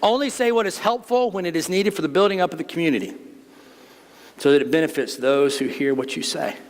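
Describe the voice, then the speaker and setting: A man's voice: fairly high pitch, fairly quick. A middle-aged man preaching a conversational sermon to his congregation, joking and folksy as he talks straight to them. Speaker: pastor. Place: church sanctuary. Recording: long reverb of a church sanctuary.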